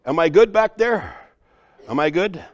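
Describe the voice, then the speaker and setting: A man with a baritone voice giving a live workshop presentation to a room of people, talking conversationally and often checking in with the audience. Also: expressive, measured pace, lo-fi sound. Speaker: cultural trainer presenting to a group.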